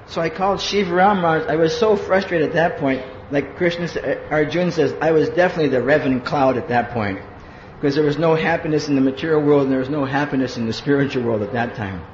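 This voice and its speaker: A man's voice: a little high, fast. A man giving a sermon as a conversational story, acting out what people said and often asking "huh?". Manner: conversational storytelling, acts out quotes, asks "huh?". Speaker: preacher. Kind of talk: sermon with personal stories. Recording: roomy lo-fi hall recording with hum.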